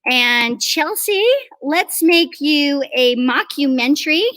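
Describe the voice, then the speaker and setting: A woman's voice: sits high, takes it slowly, bright, forceful tone. A woman hosting an improv game, cheerful and laughing as she calls out players' names. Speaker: improv host.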